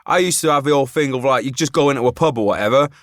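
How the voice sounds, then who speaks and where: A man hosting a podcast in loose, rambling chat, his pitch in a middle range. He fills his talk with "like" and swears freely. The recording is dry and close-miked. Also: very fast, dry recording. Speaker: podcast host. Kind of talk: casual chat.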